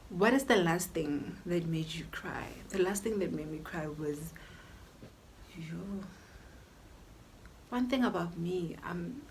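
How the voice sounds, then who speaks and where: Brief: young South African woman, YouTuber, lower register, opinionated and chatty, faint hiss under the voice. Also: animated, slow, long pauses. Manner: chatty and opinionated, mixing in local languages. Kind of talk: casual Q&A vlog.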